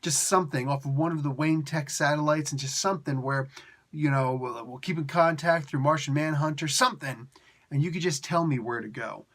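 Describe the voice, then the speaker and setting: A man's voice: on the high side, fairly quick, fairly bright tone. A man giving a casual spoken comic book review, ranting and sarcastic, exasperated with the story.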